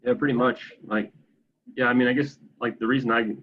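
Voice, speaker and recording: A man's voice: medium pitch, steady tone, brisk, muffled recording. A man chatting casually on a podcast, laid-back and hesitant, often restarting his sentences. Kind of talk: casual chat.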